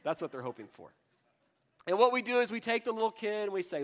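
A man preaching a sermon in a conversational way, breaking into quick impressions of children and adults. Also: high-pitched, sing-song. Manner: conversational, acts out quoted voices of kids and adults.

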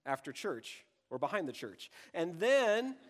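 Guy preaching a sermon, kinda higher voice, chatty and easygoing. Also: very animated, a little slow. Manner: conversational, acts out quoted voices of kids and adults.

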